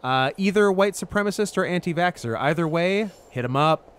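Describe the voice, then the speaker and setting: A man co-hosting a game stream, cracking crude jokes in a deadpan, casual way. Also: sits high, fairly quick, slight background noise. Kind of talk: casual let's-play commentary.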